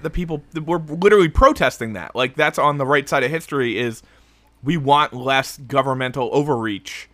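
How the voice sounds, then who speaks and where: A man's voice: mid-range voice, normal speed, pushed and bright, no room sound. A man co-hosting a podcast in casual chat, rambling with restarts, swearing freely and laughing. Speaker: podcast co-host.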